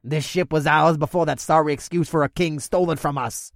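Man voicing male orc warrior, gravelly growl, boastful, crude, dry close recording. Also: on the high side, steady tone, brisk, no echo, pitched above the performer's own voice, lightly acted. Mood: gruff.

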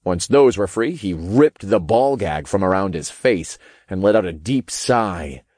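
A man narrating an audiobook in the first person, with lively, expressive storytelling. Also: sits low, measured pace, no room sound, studio quality.

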